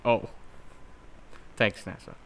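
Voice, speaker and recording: A young man co-hosting a podcast, telling a story in casual chat, animated and swearing, acting out quotes loudly. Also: slow. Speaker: podcast co-host.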